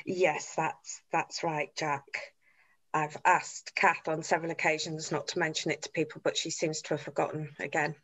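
An actress playing a funeral celebrant who is polite, patient and well-spoken. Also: female voice, deep voice, level tone, normal speed, fairly bright tone. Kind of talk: comedy series acting on a video call.

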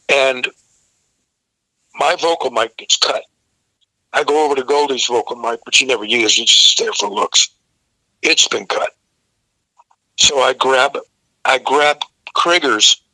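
An older man, a rock singer, telling a profane, animated story as a guest in a casual interview. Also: medium pitch, no echo, low-quality recording.

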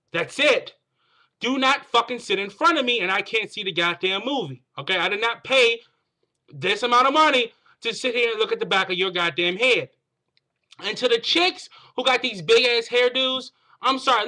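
A man delivering a comedic rant straight to camera, loaded with profanity and exasperation. His voice has a bright, sharp edge. He swings from grumbling asides to fed-up outbursts. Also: very high voice. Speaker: host.

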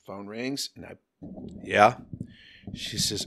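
A middle-aged man telling a story in a casual chat, animated and profane, acting out the people he quotes. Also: on the low side, slow, long pauses, a little hiss or hum. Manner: animated, swearing, acts out quotes in other voices. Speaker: podcast guest.

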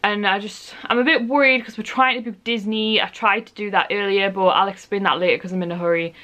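A woman's voice: mid-range voice, fairly even intonation, fast, fairly bright tone. A young woman chatting casually to her camera at home, tired and rambling with frequent apologies. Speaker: vlogger. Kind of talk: casual vlog chat to camera. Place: at home, indoor room.

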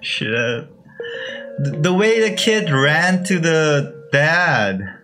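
A young man from Korea reacts to clips in a slow, drawn-out way. His voice sits a little high for a man, and he gasps and exclaims in emotion. Faint music plays behind him. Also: very animated, bright, forceful tone. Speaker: YouTube reactor. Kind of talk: reaction video commentary.

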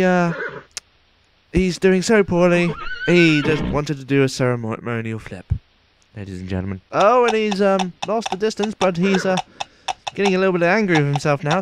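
A man playing a pompous, excitable sports announcer in mock commentary over a video game, with formal announcer phrasing, recorded on a noisy home mic. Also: very high-pitched, voice pushed up, exaggerated voice. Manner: formal announcer phrasing, shouts at near misses.

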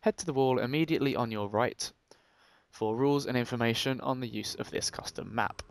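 A young man co-hosts a Let's Play in a smooth, medium-pitched voice, talking fairly quickly as he jokes around and reads in-game signs aloud during casual banter.

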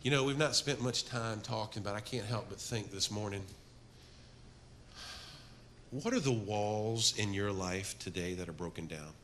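A middle-aged man preaching a sermon to a men's group, telling stories with energy and then dropping to a soft, earnest appeal. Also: on the low side, a little slow, a little hiss or hum. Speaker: men's ministry speaker.

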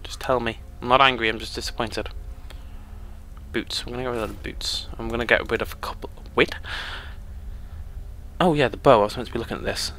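A man's voice: mid-range voice, fairly quick, pauses often, slight background noise. A British man casually commentating his gameplay, rambling and joking at his own expense. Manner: rambling, self-mocking, easily excited. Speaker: let's play host.

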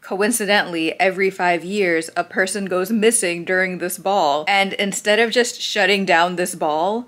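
A woman's voice: medium pitch, a bit bright. Snarky woman reviewing a book on camera. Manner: sarcastic, snarky. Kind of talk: casual reading vlog commentary. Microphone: handheld camera.

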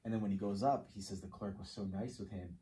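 A man hosting a podcast in casual chat, laid-back and profane, telling animated anecdotes. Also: on the low side, fast, a little hiss or hum. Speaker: podcast host.

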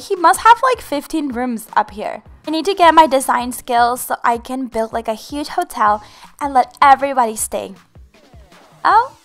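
Woman, very high pitch, bubbly, giggly, gameplay roleplay commentary, faint music behind. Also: a bit bright. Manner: bubbly and giggly, talking to viewers. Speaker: game channel host.

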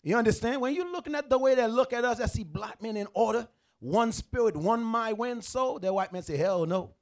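Male panelist, high pitch, earnest and direct. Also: a little fast. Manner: earnest, conversational, addresses listeners directly. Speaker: member of a religious teaching panel. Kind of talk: casual teaching discussion.

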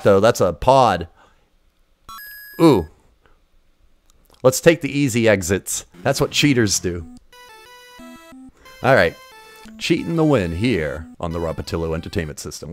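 A man in his forties from Massachusetts with a Boston accent, chatting loosely and swearing a lot as he plays old games on a livestream. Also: mid-range voice. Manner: profane, rambling and excitable. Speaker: streamer. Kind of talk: casual gaming livestream chat.

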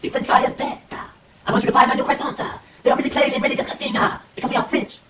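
A woman's voice: high voice, fairly even intonation, racing, natural voice. A woman voicing a boastful, crude male Frenchman in a silly mock French accent for a homemade comedy sketch, recorded on a distant home camera with background noise.

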